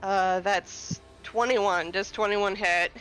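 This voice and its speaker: A woman's voice: mid-range voice, steady tone, slow pace, fairly bright tone, clean tone, soft background music. A woman playing a tabletop game, tallying her dice rolls aloud and laughing often. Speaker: player.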